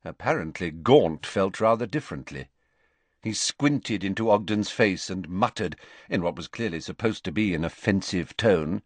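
A man narrating an audiobook in a measured, expressive storytelling voice. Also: deep voice, no room sound. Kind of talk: scripted narration.

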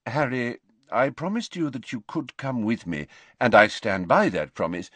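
A man reading aloud and voicing a calm, grave elderly wizard headmaster in a quiet, measured way. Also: mid-range voice, husky, no echo.

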